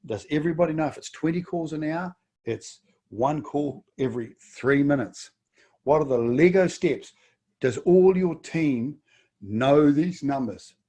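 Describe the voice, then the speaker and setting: Kiwi-accented middle-aged bloke coaching business owners in a webinar, a bit high-ish but mellow tone, pushy rhetorical questions. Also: male voice, unhurried. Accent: New Zealand. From New Zealand. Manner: emphatic, repeats words and fires off rhetorical questions. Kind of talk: webinar presentation.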